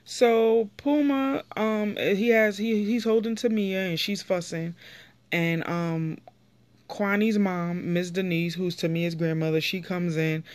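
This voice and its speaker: A woman's voice: fairly low pitch, fairly even intonation, takes it slowly, darkish tone, no echo. A young woman talks straight to the camera, recapping a reality show episode in a loose, chatty way. She is opinionated and gets heated when someone on the show annoys her. It sounds like she is filming at home. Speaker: TV recap vlogger. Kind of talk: casual reality TV episode review.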